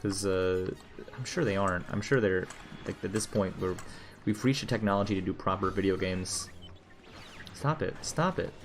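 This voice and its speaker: A man's voice: sits low, steady tone, moderate pace, faint music behind. A young man streaming a video game, muttering casual, profane, sarcastic commentary as he plays.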